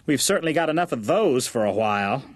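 A man's voice: mid-range voice, animated, fast talker, dry recording, clean studio sound, lightly acted. A man voicing a brusque, dismissive female employment agent in an audiobook. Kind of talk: audiobook character voice.

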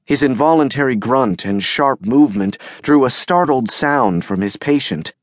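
A man narrating an audiobook in a measured, even storytelling manner on a close studio mic. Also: mid-range voice, no room sound. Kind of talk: scripted narration.

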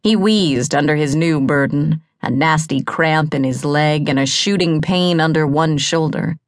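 A woman narrating an audiobook in a measured, dramatic storytelling manner. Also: low-pitched, no room sound, clean studio sound.

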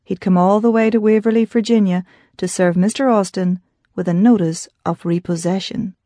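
A woman narrating an audiobook in a measured storytelling manner. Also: mid-range voice, fairly even intonation, mellow, no echo, clean studio sound. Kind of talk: scripted narration.

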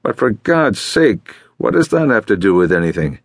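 A man's voice: lowish voice, expressive, slow pace, dry recording, studio quality. A man playing a brusque, scornful client. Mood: irritated. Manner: brusque and impatient. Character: gruff, nervous, disdainful middle-aged male client. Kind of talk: audiobook character voice.

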